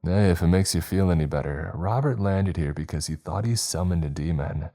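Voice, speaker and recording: A man's voice: low voice, brisk, warm tone. A man voicing a blunt young woman patient who teases and scolds. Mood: teasing.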